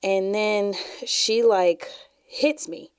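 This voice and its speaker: A woman's voice: medium pitch, fairly even intonation, extremely slow, clean tone, no room sound, clean studio sound. A woman hosting a podcast, telling stories in a chatty, rambling way full of "like" fillers. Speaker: podcast host. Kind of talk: casual storytelling.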